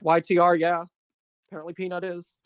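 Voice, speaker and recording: A panel host chatting casually on a live stream, hesitant and slowly drawn out at times. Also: mid-range voice, level tone, smooth, dry recording.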